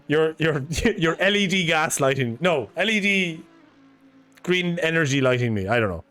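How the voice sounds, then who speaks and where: A man co-commentates a sim race with easy banter and frequent laughter. His voice sits a bit higher than the typical male voice. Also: lively intonation, takes it slowly, long pauses, a bit bright. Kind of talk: casual live commentary banter.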